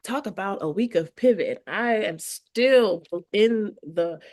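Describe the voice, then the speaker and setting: A woman speaking as a podcast guest in a casual interview, her voice swinging widely up and down in pitch. She talks in a heartfelt way and breaks into laughter often, at a middle pitch. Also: animated, slow, a little mellow. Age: adult with children. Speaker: podcast guest, artist and educator.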